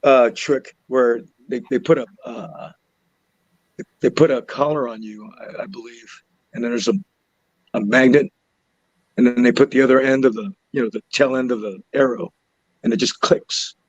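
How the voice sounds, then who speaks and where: A man telling a story from a film set in casual chat, animated and laughing, restarting and repeating words as he goes. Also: mid-range voice, moderate pace, no room sound, lo-fi sound. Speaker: actor and podcast guest.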